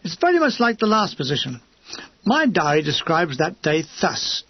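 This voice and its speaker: A man's voice: fairly high pitch, wildly swooping pitch, normal speed, muffled recording. A man reading an audiobook of a war memoir in a dry, wry manner. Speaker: audiobook narrator.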